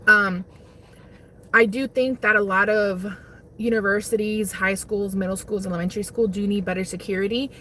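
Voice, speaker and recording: A livestream host, this young woman has a medium-pitched, bright, forceful voice, steady in tone and at a normal speed. She rambles casually on her lunch break in a parked car, eating and reading chat.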